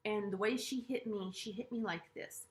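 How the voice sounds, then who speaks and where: A middle-aged woman speaking straight to camera about her own life, in a voice of ordinary middle pitch. She talks earnestly and haltingly, often stopping to restart a phrase, and lets her voice sink low and quiet at times. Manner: earnest, halting, with frequent restarts and hushed asides. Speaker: vlogger sharing a personal story. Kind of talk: personal storytelling to camera.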